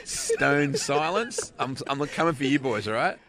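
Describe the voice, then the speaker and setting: A man's voice: medium pitch, expressive, unhurried, fairly bright tone. A man with an Australian accent, talking in a casual interview about sprint car racing as a guest.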